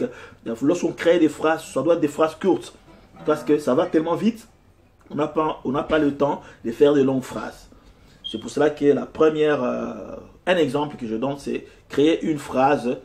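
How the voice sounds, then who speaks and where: With guitar playing in the background, a man gives a guitar lesson in a slightly high, fairly quick, somewhat mellow voice. He explains step by step, switching between English and French, with many fillers and restarts.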